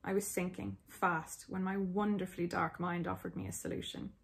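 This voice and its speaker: A woman author reading her own memoir aloud in an intimate, expressive storytelling manner. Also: lowish voice, normal speed, creaky.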